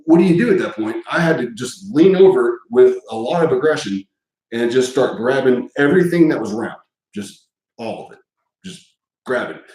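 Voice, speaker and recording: A man's voice: medium pitch, darkish tone. Man, podcast host, crude humor, rambling storyteller, roomy home recording. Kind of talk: casual rambling monologue.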